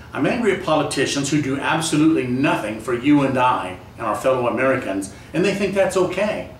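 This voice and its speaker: A man's voice: medium pitch, slight background noise. A man speaking as a political candidate, listing grievances in an indignant, repetitive campaign speech. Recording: echoey room from far off.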